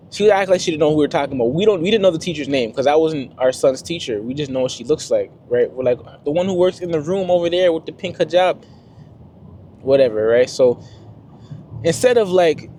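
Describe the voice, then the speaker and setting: A man's voice: fairly high pitch, slight background noise. A young man and first-time father telling a story to the camera in a casual, slangy vlog style. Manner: slangy, conversational, animated retelling.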